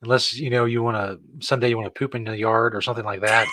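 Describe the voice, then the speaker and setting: A man's voice: medium pitch, steady tone, fast, sharp tone, a little hiss or hum. A man hosting a casual show, joking dryly and chuckling often. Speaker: show host. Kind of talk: casual chat.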